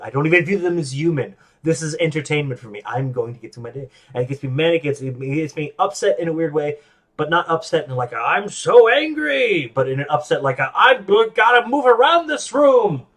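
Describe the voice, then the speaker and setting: A man hosting his own podcast, talking in a rambling, self-deprecating way, restarting his sentences and acting out voices in quotes. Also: medium pitch. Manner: animated, acts out quoted voices. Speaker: podcast host. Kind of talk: casual solo monologue.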